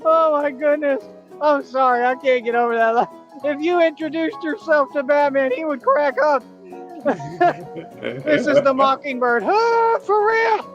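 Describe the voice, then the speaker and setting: A woman's voice: sits high, moderate pace, highs cut off, faint music behind. A woman who laughs through nearly every line.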